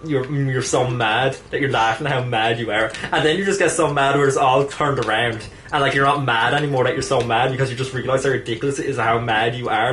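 A man's voice: mid-range voice, fairly bright tone, echoey room, poor audio. A man casually commenting on his own gameplay, exasperated and swearing often, with sudden squeals and laughs of frustration. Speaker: let's play gamer.

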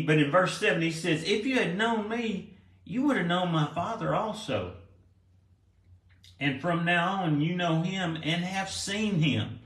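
A male pastor giving a conversational sermon, reading scripture aloud and explaining it with restarts and soft chuckles. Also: fairly high pitch. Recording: roomy echo.

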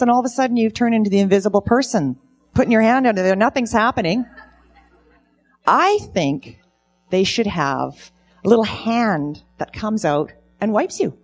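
A woman's voice: a little high, expressive, normal speed, husky, soft background music. A middle-aged woman telling stand-up comedy stories on stage, in a dry storytelling way. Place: event stage.

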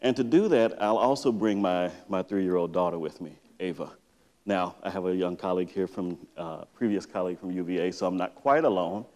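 A man's voice: sits low, a little fast. A middle-aged man, a psychotherapist, giving a conference talk and telling a story by acting out how he reads to his daughter. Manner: storytelling, lively, acts out reading to his daughter. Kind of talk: conference presentation. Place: large lecture hall with reverb. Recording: long hall reverb.

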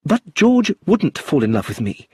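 A man voicing a young woman secretary who is cool and sharp, in a raised, light voice for a storybook reading. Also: fairly high pitch, wildly swooping pitch, moderate pace, slightly rough, dry recording, studio quality, pitched above the performer's own voice, exaggerated voice.

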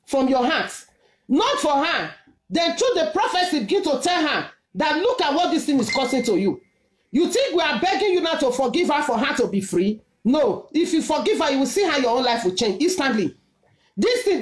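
Emphatic Nigerian woman preaching, lively pitch. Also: roomy sound. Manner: emphatic, repetitive exhortation in Pidgin-laced English. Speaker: prophetess preaching. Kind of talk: sermon with testimony.

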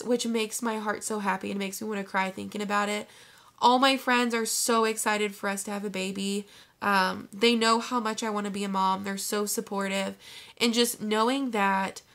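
A woman in her twenties chats into her phone camera for a vlog, bubbly and gushing, saying "like" constantly. Her voice sits in the mid-range with a fairly bright tone.

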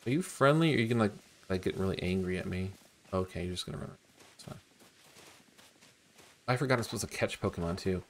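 A man streaming a video game, talking casually and getting excited about each new find. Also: low-pitched, fast talker, long pauses, slight background noise. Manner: excitable, gasping and laughing at new discoveries. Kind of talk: casual gameplay commentary.

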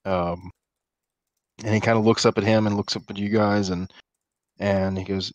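Low-voiced man running a tabletop game. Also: little pitch movement, no echo, highs cut off. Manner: halting, many restarts and fillers. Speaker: dungeon master.

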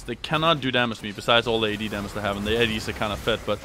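Bright-voiced young man streaming a game. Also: fairly low pitch, very fast, hardly any pauses, slight background noise. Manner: swears and trash-talks, yells when excited. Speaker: gaming streamer. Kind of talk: live gameplay commentary.

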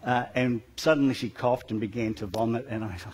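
A man's voice: mid-range voice, steady tone, fairly quick, darkish tone, breathy edge. A middle-aged man in a church giving an earnest, rambling personal testimony with many fillers, then leading a prayer.

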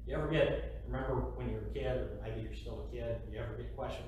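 A man's voice: mid-range voice, fairly even intonation, fast talker, a little mellow. A middle-aged man preaching a sermon, emphatic, repeating key phrases and asking the congregation rhetorical questions. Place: church sanctuary. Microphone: distant mic. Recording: very echoey hall from a distance, faint hiss.

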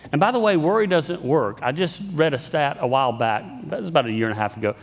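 A man's voice: a little high, expressive, fast. A man preaching a sermon in a conversational, self-deprecating way, in a church sanctuary. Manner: conversational, self-deprecating humor, frequent restarts. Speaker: pastor. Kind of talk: sermon with storytelling. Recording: long hall reverb.

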